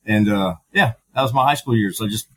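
A man's voice: lowish voice, brisk, a bit bright, poor audio. A middle-aged man, a podcast guest, telling his story candidly, with frank, profane talk full of fillers and restarts.

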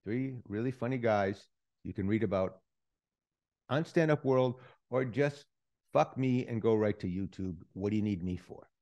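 A man's voice: on the low side, moderate pace, a little mellow. A man hosting a podcast, talking casually in a loose, rambling way with asides. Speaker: podcast host.

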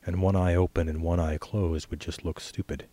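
Low-voiced guy narrating a short story, deadpan, dry close sound. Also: normal speed, no echo. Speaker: story reader. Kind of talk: first-person story narration.

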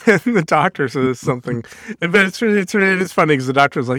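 A man's voice: on the high side, lively intonation, moderate pace, a bit bright, dry recording, clean studio sound. A man co-hosting a podcast, casually recapping an episode scene by scene and laughing often as he goes. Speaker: podcast co-host.

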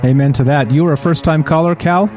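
A man's voice: a little high, fast talker, darkish tone, faint music behind. A man hosting a late-night call-in radio talk show, musing aloud with rhetorical questions and casual slang.

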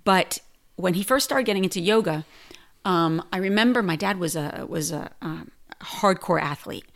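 A woman with a slightly lower voice talks casually in an interview. She teaches yoga and tells a long personal story with energy. She acts out the lines of the people she quotes. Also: moderate pace.

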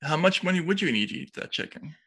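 A man from Boston co-hosting a casual chat, easygoing and agreeable, often halting mid-sentence. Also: fairly high pitch, lively intonation, gravelly, pushed and bright, slightly rough. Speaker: co-host.

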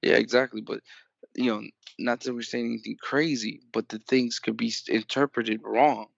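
A man's voice: mid-range voice, little pitch movement, moderate pace, vocal fry, dry recording, dull audio. A man co-hosting a small podcast, talking hesitantly with stumbling restarts and the odd swear word. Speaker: podcast co-host. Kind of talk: casual podcast chat.

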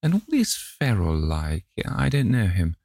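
A man's voice: on the low side, wildly swooping pitch, a little slow, vocal fry, mellow, no echo, studio quality, heavily acted. A man voicing a chatty, scolding elderly society hostess in an audiobook reading, with exclaiming, indignant lines.

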